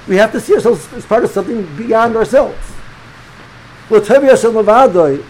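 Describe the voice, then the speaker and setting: A rabbi with a high voice gives animated, informal religious teaching to students, repeating and restarting words and sprinkling in Hebrew and Yiddish terms. The recording is rough.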